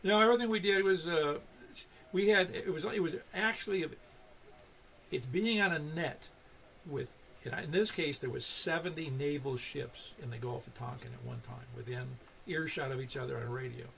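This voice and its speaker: A man's voice: a little high, moderate pace, vocal fry, fairly bright tone, slight background noise. An older man hosting an amateur radio net, telling stories in a rambling, casual way full of restarts. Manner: rambling storyteller with many restarts. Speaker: net control host. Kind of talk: casual ham radio chat.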